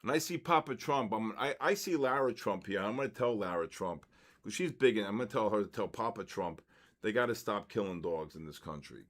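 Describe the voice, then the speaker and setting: A man in his sixties with a fairly low voice hosts a live trading session, telling stories in a casual, animated manner. He keeps checking in with the audience, tacking "right?" and "okay?" onto his sentences.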